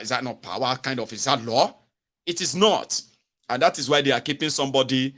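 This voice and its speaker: A man's voice: medium pitch, a bit bright. A man with a Nigerian accent hosting a live commentary stream, talking animatedly and acting out the voices he quotes, with Pidgin asides. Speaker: live show host. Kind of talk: casual political commentary livestream.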